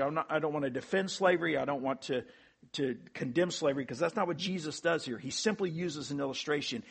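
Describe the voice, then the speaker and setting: A man's voice: on the high side, vocal fry, slightly rough. A man as pastor, preaching a sermon in an earnest way with emphatic rising peaks.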